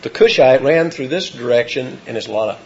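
A man's voice: medium pitch, animated, a little fast. A man preaching an expository sermon, telling the story with animation and acting out the quotes. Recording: dull lo-fi recording.

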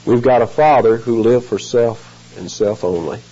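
A man's voice: mid-range voice, moderate pace, mellow, slightly rough. A man preaching an expository sermon, earnest and emphatic, stretching out key phrases. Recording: muffled lo-fi recording.

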